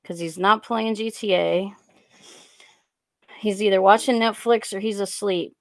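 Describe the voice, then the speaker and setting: Young woman, casual stream chat, rambling with fillers, gravelly voice, close dry sound. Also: medium pitch, fairly even intonation, no echo. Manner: rambling, halting, lots of um and like. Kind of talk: casual live stream chat, reading viewer comments. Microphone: USB desk mic.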